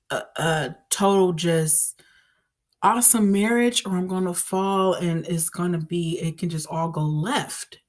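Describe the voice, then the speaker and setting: A woman's voice: sits low, a little mellow. A woman vlogger giving a casual personal faith testimony, earnest and rambling, with many fillers and restarts.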